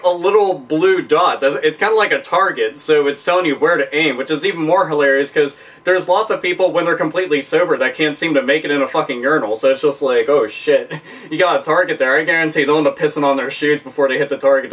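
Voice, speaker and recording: A man's voice: fairly high pitch, fast, far from the mic. Profane, rambling male comedy vlogger. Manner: profane, rambling, animated, laughs often. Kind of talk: comedic commentary rant.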